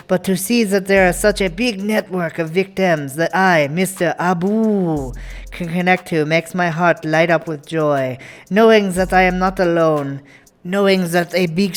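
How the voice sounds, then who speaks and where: A woman's voice: on the low side, close to an everyday voice. A woman voicing an overly formal, grateful male caller with flowery, fawning speech in a comedy call-in sketch. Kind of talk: comedic prank call role-play.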